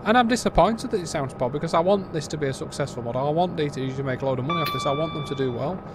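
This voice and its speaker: A man's voice: a little high, racing, noisy background. A British man giving a casual, blunt and exasperated game review, rambling with frequent restarts.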